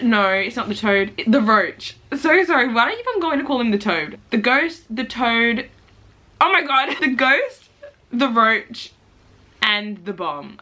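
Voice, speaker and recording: A young woman vlogging her reading, chatty and excitable, gasping and exclaiming as she reacts. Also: on the high side, a little slow. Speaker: book vlogger. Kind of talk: casual reading vlog reactions.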